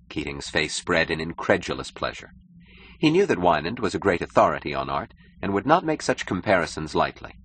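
A man reading a novel aloud as an audiobook narrator, in an expressive, measured way. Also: deep voice, slight background noise.

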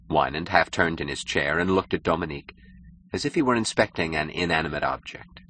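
A man reading a novel aloud as an audiobook narrator, in an expressive, measured way. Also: rumbling low, a little hiss or hum.

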